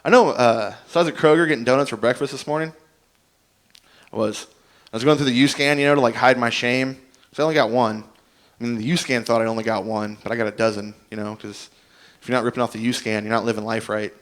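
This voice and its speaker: A man's voice: mid-range voice, steady tone, fast, a bit bright. Man, young adult, stand-up comedian, rambling, self-deprecating, acts out dialogue. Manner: rambling, self-deprecating storytelling that acts out both sides of each exchange.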